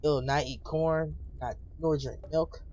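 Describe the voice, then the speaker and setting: A man's voice: fairly high pitch, steady tone, unhurried, a little mellow, dull audio, a little hiss or hum, lightly acted. A man voicing a blind old lighthouse keeper.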